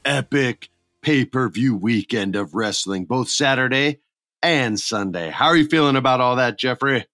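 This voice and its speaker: A man's voice: medium pitch, moderate pace, bright, forceful tone, no echo, clean studio sound. A man hosting a podcast, chatting casually and telling stories with enthusiasm. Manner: enthusiastic, conversational storytelling. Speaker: podcast host. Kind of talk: casual chat.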